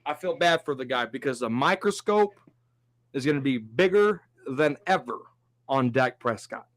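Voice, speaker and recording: A man hosting a live-stream sports talk show, talking with animated energy and reading viewer comments aloud. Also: mid-range voice, normal speed, no room sound.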